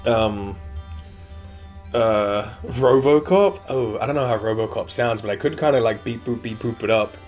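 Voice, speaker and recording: A man's voice: medium pitch, animated, a little slow, darkish tone, faint music behind. A man giving loose, casual commentary while playing a game, chatty and swearing now and then. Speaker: gaming streamer. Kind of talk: casual let's-play commentary.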